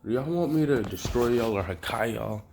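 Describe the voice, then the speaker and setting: A man doing a rough, menacing destruction god. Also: mid-range voice, expressive, normal speed, a little mellow, a little hiss or hum, pitched above the performer's own voice, lightly acted. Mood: threatening.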